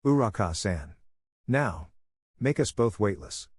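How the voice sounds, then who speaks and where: A man's voice: on the low side, lively intonation, slow pace, a little mellow, breathy edge, no echo, clean studio sound, exaggerated voice. A man voicing a determined teenage boy hero with spider powers, calling out commands in an audiobook. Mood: urgent. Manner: urgent commanding calls.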